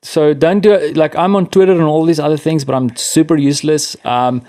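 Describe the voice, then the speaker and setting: A man's voice: on the high side, steady tone, a little fast, a little mellow. Chatty South African man. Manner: chatty, self-deprecating, many restarts. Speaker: podcast guest. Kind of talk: casual conversation.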